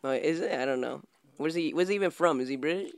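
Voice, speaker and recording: A man's voice: on the high side, fast, vocal fry, clear, resonant tone. A man co-hosting a casual podcast, bantering loosely and laughing often. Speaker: podcast co-host. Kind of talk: casual chat.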